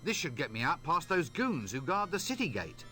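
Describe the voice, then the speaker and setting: Wry, cowardly game wizard; sly asides, wildly swinging intonation. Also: male voice, on the high side, very animated, normal speed, sharp tone, soft background music. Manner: sly, muttering asides to himself. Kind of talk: video game character voice.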